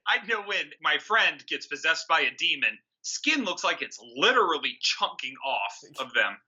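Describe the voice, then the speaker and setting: A man's voice: a little high, sing-song, normal speed, pushed and bright, slightly rough, dull audio. A man co-hosting a comedy movie review podcast, sarcastic and incredulous as he mocks the film. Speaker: co-host of a movie review show.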